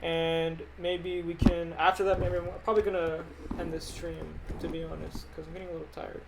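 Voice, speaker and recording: A young man rambling casually on a livestream, reading viewer questions aloud and answering them into a desk mic that clips when he gets loud. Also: fairly high pitch, level tone, a little fast, creaky, noisy background. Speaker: livestreaming animator.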